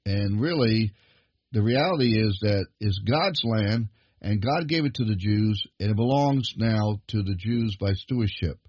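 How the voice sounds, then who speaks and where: A low, husky-voiced man preaching a sermon, pressing his points with rising emphasis. The sound is dry and close, with a dull, lo-fi quality to the recording. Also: unhurried, a little mellow, no room sound. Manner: emphatic preaching, building in pitch and force.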